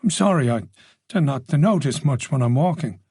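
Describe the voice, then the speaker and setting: A man's voice: fairly high pitch, animated, normal speed, mellow, slightly rough, no room sound. A man voicing a reserved, polite middle-aged detective with dry, guarded replies in an audiobook.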